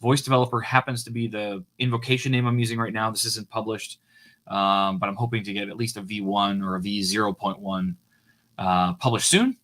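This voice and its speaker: A man's voice: on the low side, fairly even intonation, fairly quick, a bit bright. Casual man explaining his code. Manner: casual, hesitant, many fillers and restarts. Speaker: live coding streamer. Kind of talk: live coding walkthrough.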